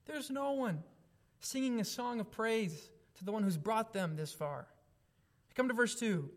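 Young male preacher, high voice, emphatic sermon delivery with quiet reflective turns. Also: lively intonation, normal speed. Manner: emphatic, shifts between raised exclamations and quiet reflective asides.

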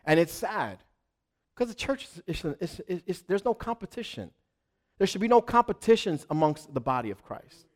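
A man preaching a sermon as pastor, animated, acting out little voices in his examples, with frequent restarts. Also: high voice, normal speed.

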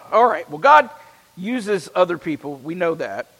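A pastor preaching a sermon. He reads scripture with strong emphasis and then drops into relaxed, joking asides. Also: high voice, a little slow. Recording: long hall reverb.

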